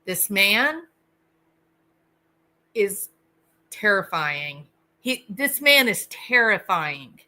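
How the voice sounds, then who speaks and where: Female host, slow and deliberate, bright tone, outraged commentary. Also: medium pitch, very animated. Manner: indignant, emphatic, repeats words for stress. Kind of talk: casual commentary.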